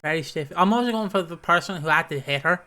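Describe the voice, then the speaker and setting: A man's voice: on the high side, fast talker, pushed and bright. A British man co-hosting a podcast in loose, rambling casual chat, full of fillers. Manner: rambling, loose, says "obviously" and "lad" a lot. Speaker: podcast co-host.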